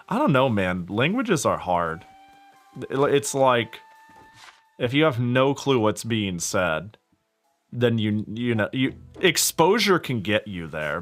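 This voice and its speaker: Rambling young man streaming a game. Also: lowish voice. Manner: rambling and animated, laughs often, swears casually. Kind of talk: casual gaming stream chat.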